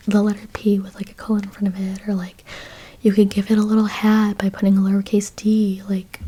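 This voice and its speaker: Woman in her twenties, whispered role-play, soft husky whisper, mellow tone, rambling with lots of fillers. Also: medium pitch. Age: 20s. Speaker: ASMR YouTuber. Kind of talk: whispered casual chat.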